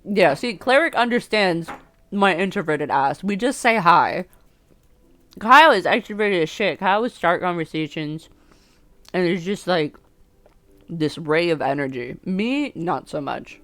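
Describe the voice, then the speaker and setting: A woman's voice: lowish voice, animated, a little slow, a bit bright, no echo. A young woman streaming a dating sim, reading the game text aloud and chatting about it in a self-mocking way, laughing often. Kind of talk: casual let's-play commentary and reading game text aloud.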